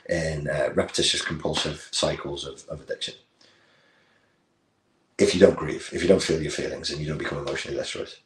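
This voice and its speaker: A man's voice: low voice, a little mellow, echoey room, low-quality recording. A man talking bluntly and emphatically as a life coach, acting out bits of dialogue to make his point. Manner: blunt, emphatic, acts out therapist-client dialogue. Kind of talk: direct-to-camera talk.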